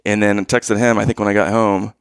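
A man telling a funny story in casual chat, animated and laughing, acting out what people said. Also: lowish voice, fast, clear, resonant tone, no room sound, studio quality. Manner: animated, laughing, acts out quotes.

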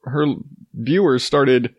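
A man in his thirties hosts a casual, comic podcast about odd news, being sarcastic, swearing heavily and laughing often. His medium-pitched voice is slow with a breathy edge. The audio is lo-fi, with no room sound.

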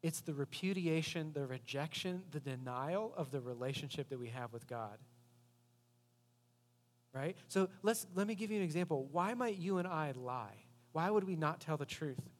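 A man's voice: on the high side, expressive, normal speed. A man preaching an earnest, conversational sermon, asking the listeners questions and acting out the voices of people he quotes. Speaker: pastor. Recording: long hall reverb.

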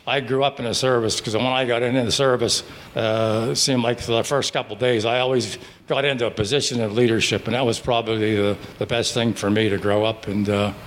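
A man's voice: mid-range voice, fairly even intonation, a little hiss or hum. Older man rambling through war stories. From Pittsburgh, Pennsylvania. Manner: rambling, halting, with many restarts and fillers. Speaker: veteran telling stories. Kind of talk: live storytelling at a breakfast gathering. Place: restaurant dining room.

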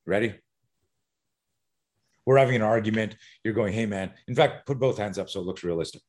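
A middle-aged man, a self-defense instructor, talking as a podcast guest in an animated, profane way, acting out fight scenarios. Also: on the low side, a little fast.

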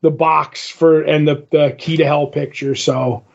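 Podcast dude recapping a comic, rambly, lots of ums, slightly high voice, muffled lo-fi audio. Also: male voice, little pitch movement, unhurried, vocal fry, darkish tone. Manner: rambling retelling with many fillers. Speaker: podcast co-host. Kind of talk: casual comic book chat.

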